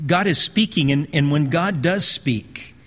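A male pastor preaching a sermon in a conversational way, slowing down and repeating phrases for emphasis. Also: on the high side, fairly bright tone. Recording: long hall reverb.

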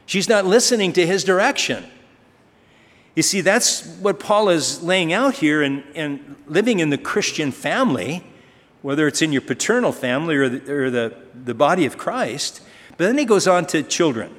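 A pastor with a voice on the high side, expressive and a bit bright, preaches a sermon at a moderate pace. He tells stories conversationally and asks rhetorical questions. The recording has the long reverb of a large hall.

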